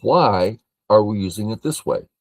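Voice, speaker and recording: An older man from California reviewing a board game as a teacher, thinking aloud in a slow, matter-of-fact way. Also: on the low side, animated, gravelly, no room sound.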